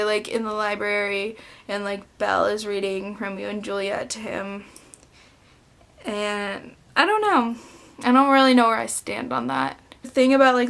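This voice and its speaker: Young woman, vlogger, rambling, filler-heavy, self-interrupting, somewhat high voice. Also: a bit bright. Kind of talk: casual film review vlog.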